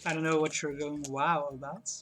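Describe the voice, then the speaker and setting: A woman's voice: sits low, flat delivery, moderate pace, noisy background. A woman streaming a retro game, chatting casually, laughing often and reading the game's narration aloud. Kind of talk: let's-play commentary, reading game text aloud.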